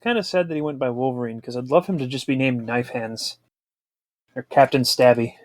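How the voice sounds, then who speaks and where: A man's voice: mid-range voice, brisk, no room sound, studio quality. A man co-hosting a podcast, making earnest, nerdy fan remarks about a movie in casual chat. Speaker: podcast co-host.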